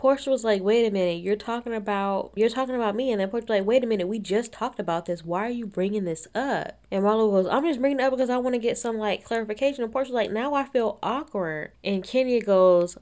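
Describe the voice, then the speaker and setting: A woman's voice: a little high, fast talker, hardly any pauses, a little mellow. A woman giving a casual, opinionated recap of a reality show, quoting the cast in snippy bits and laughing often.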